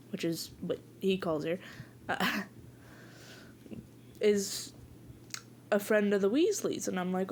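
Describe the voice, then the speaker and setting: A woman's voice: mid-range voice, takes it slowly, long pauses, a little hiss or hum. A young woman casually improvising a rambling story, chatty and giggly. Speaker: video creator.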